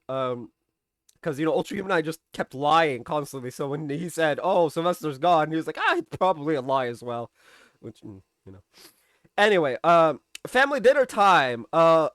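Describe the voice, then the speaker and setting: A man's voice: a little high, a bit bright, no echo, studio quality. A man casually recapping and reviewing a TV episode, chatty, often tagging on "right?" and swearing now and then.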